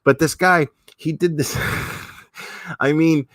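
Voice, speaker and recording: A man's voice: fairly high pitch, steady tone, slow pace, fairly bright tone, no echo. A man giving casual commentary as a streamer, rambling with many restarts and frequent swearing.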